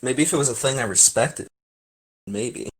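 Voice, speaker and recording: A man's voice: mid-range voice, moderate pace, a crowd in the background. A young man co-hosting a casual podcast, with a sarcastic, teasing way of talking. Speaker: podcast co-host. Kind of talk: casual chat.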